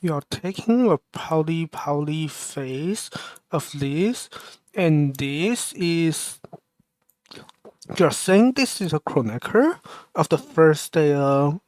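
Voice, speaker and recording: A man livestreaming while he programs, thinking aloud in a mumbling, halting way and questioning himself as he goes. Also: fairly high pitch, animated, a little mellow, dry recording.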